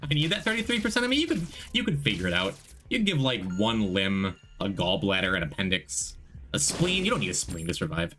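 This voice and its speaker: Lively, bright-voiced male streamer. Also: lowish voice, brisk. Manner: rambling, reads and answers chat, joking. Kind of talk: casual live-stream chat while gaming.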